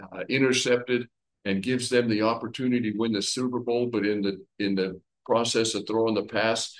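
Lower-voiced man teaching scripture. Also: normal speed, low-quality recording. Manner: animated storytelling with everyday comparisons. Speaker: Bible teacher. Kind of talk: conversational Bible study teaching.

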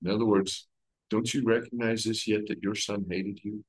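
A man leading a conversational Bible study, retelling the story with lively everyday comparisons. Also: on the low side, normal speed, husky, rough recording. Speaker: Bible teacher.

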